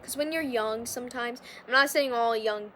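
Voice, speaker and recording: Young woman, podcast host, casual confessional talk, rambling with fillers, slightly high voice. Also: moderate pace, sharp tone, a little hiss or hum. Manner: rambling, many "like" fillers, restarts.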